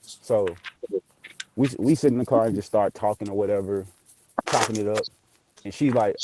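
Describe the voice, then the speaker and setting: A man tells a ghost story casually, animated and profane, acting out the voices. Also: fairly low pitch, normal speed, long pauses, a little hiss or hum. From Memphis area, US South. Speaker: guest telling a ghost story.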